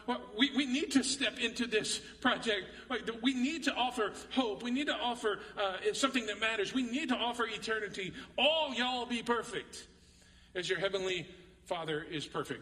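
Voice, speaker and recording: A man's voice: high-pitched, expressive, moderate pace, few pauses, a bit bright. A man with a Texan accent preaching a sermon as pastor, earnest and repeating key phrases for emphasis, in a church sanctuary. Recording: echoey hall from far off.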